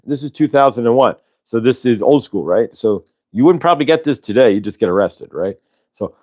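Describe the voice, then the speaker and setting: A man's voice: mid-range voice, lively intonation, a little fast, a little mellow. A man hosting a casual livestream, rambling and tagging on "right?" as he talks. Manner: rambling, keeps adding "right?". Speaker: livestream host.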